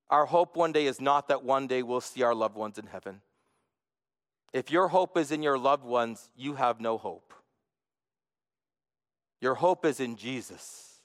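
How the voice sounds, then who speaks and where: A man preaching a sermon as a pastor, earnest, moving between hushed and emphatic delivery. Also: mid-range voice. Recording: long reverb of a large hall.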